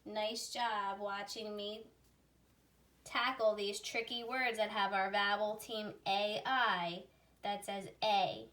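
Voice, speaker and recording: A woman teaching a phonics lesson to young readers, sounding out words slowly and clearly. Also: medium pitch, steady tone, fairly bright tone. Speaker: reading teacher. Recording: voice a little far from the mic.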